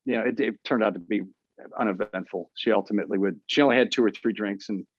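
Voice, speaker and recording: A man in his fifties with a lowish voice tells his own story as an interview guest, earnest and halting, restarting his sentences and leaning on fillers. The sound is dry and close, with dull, lo-fi remote audio that takes the shine off the voice. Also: no room sound.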